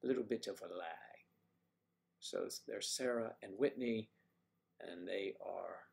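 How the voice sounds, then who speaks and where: A man's voice: lowish voice, unhurried, gravelly, a little mellow. A man hosting a casual livestream, greeting viewers by name and teasing them in a playful, chatty way. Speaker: livestream host reading viewer comments.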